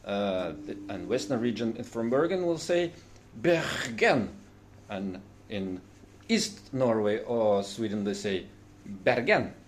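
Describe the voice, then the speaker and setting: A man from Russia giving a deadpan mock history lesson, mimicking speech sounds like a self-styled expert. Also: fairly low pitch, a little slow, a little hiss or hum.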